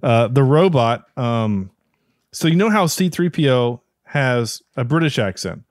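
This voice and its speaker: A man's voice: mid-range voice, expressive, a little slow, dry recording, clean studio sound. Enthusiastic man hosting a podcast. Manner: enthusiastic, rambling with restarts. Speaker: podcast host. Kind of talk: casual chat.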